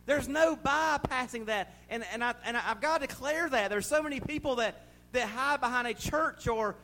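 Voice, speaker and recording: A male pastor with a Southern US accent preaching a sermon, swinging from shouted proclamation to quiet, confiding asides. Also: extremely high pitch, moderate pace, a little hiss or hum.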